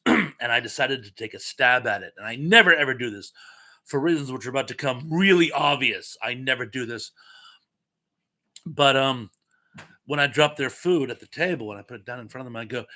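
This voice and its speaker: Bright-voiced man hosting a live chat. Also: medium pitch, moderate pace. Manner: animated, chatty storyteller with self-mocking asides. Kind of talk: casual live-stream chat and trivia.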